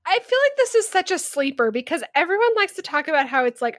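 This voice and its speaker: A woman's voice: very high voice, big pitch swings, fast talker, few pauses, fairly bright tone. A woman co-hosting a podcast in casual chat, wry and laughing, swearing now and then. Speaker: podcast co-host.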